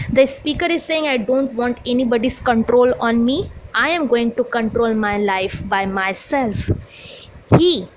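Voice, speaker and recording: A woman's voice: fairly high pitch, a little hiss or hum, rough recording. A woman, lecturing students on a poem and repeating each point to explain it. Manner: repetitive, explanatory, paraphrases lines aloud. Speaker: English teacher.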